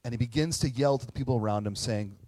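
A man preaching in a casual, animated way, often checking in with tag questions. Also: mid-range voice, quick pace, dry recording. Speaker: pastor. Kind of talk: conversational sermon.

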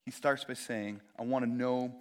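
A man's voice: medium pitch, fairly even intonation, moderate pace. A young man preaching a sermon in a casual, conversational way, full of fillers and acted-out quotes. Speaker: pastor.

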